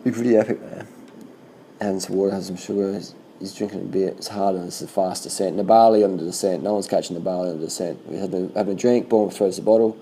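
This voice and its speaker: A man casually commenting on bike race footage as a vlogger, swearing freely and talking in loose animated bursts. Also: deep voice, fast talker, a little hiss or hum, poor audio.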